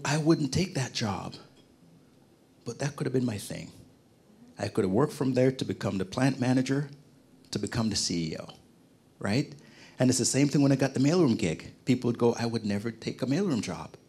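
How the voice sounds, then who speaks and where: A middle-aged man from Jamaica, a podcast guest, telling his story in lively conversation and acting out the people he quotes. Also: mid-range voice, breathy edge. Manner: animated storyteller, acts out quoted voices.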